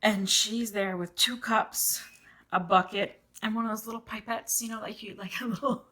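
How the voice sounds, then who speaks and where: Bright-voiced chatty woman vlogger. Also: fairly high pitch, steady tone, moderate pace. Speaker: crafting vlogger and mother. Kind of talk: casual chat while crafting.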